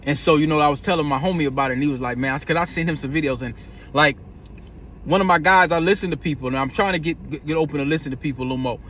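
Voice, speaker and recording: Man, high voice, casual vlog talk, rambling, slangy, trips over his words. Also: very fast, fairly bright tone, slight background noise. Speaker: vlogger.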